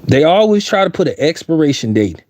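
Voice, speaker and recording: A man's voice: on the high side, sing-song, fairly quick, darkish tone, no echo, studio quality. A man giving heated, blunt opinion commentary, repeating points for emphasis.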